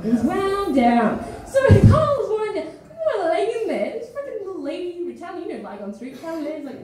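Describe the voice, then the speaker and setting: Her voice is very high and brisk, with noise behind it. An Australian feature poet tells a story at a live poetry event in a small studio with an audience, animatedly acting out the people in it, and the live room recording is echoey.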